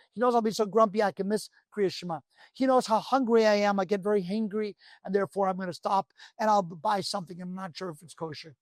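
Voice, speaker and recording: A man who is a rabbi teaching a Torah class, telling a parable in an animated, conversational way. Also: high voice, dry recording. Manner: animated storyteller, emphatic and conversational.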